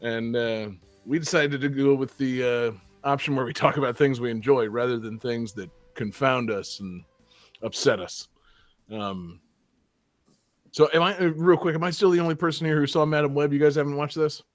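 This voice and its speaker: A man's voice: medium pitch, fairly even intonation, moderate pace, dry recording. A young man hosts a casual gaming podcast with an upbeat, rambling delivery full of "uh"s. His voice sits close and dry on the studio mic. Faint music plays underneath. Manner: rambling, upbeat, many fillers. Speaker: podcast host. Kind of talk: casual chat.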